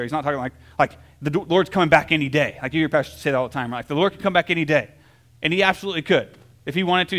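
A young adult man preaching a casual sermon, conversational and full of fillers and check-ins with the listeners, telling stories with lively swings between soft and loud. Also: fairly high pitch. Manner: conversational, lots of filler "like" and "right?". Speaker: pastor.

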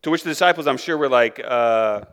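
Bright-voiced male pastor preaching conversationally in a reverberant hall. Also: brisk, clean tone. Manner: animated, acts out the disciples' voices in a higher, louder pitch; conversational, many "like" and "right?" asides. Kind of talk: sermon.

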